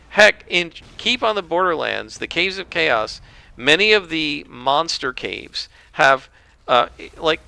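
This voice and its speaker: Opinionated male podcast host, bright cutting tone, dry sound. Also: a little high, creaky, no room sound. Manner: rambling, opinionated. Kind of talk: casual solo commentary.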